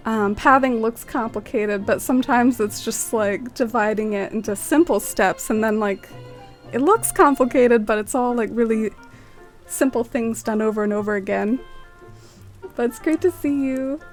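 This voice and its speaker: A woman's voice: fairly high pitch, normal speed, faint music behind. A woman streaming a game, chatting casually, greeting viewers by name and using lots of "like". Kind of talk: casual live-stream chat.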